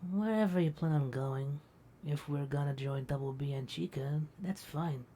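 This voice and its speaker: A woman voicing a sleepy, doting young female companion who speaks softly and affectionately in an animation. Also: low-pitched, normal speed, a little hiss or hum, close to an everyday voice. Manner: soft-spoken, drowsy and affectionate.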